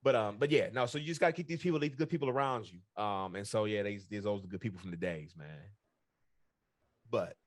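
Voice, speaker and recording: Low-voiced man telling a story. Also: fast, no echo. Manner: relaxed, rambling with many fillers and quoted dialogue. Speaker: podcast co-host. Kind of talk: casual storytelling chat.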